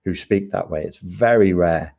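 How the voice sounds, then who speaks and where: Man, deep warm voice, wry opinionated podcast guest. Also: normal speed, gravelly. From England. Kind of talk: casual conversation.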